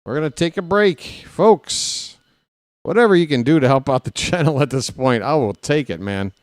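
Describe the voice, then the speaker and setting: A man's voice: fairly high pitch, lively intonation, normal speed, no room sound, studio quality. A man calling baseball play-by-play for his stream, with casual, self-deprecating asides to viewers.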